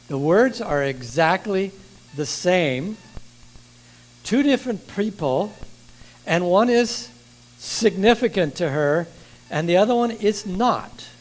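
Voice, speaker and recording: An older man preaching a sermon in a church, lively and asking the congregation questions. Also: sits high, low-quality recording.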